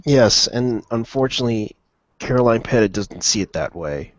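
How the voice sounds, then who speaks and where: A man's voice: mid-range voice, expressive, normal speed, no room sound, muffled recording. A man hosting a casual opinion stream, rambling with frequent restarts.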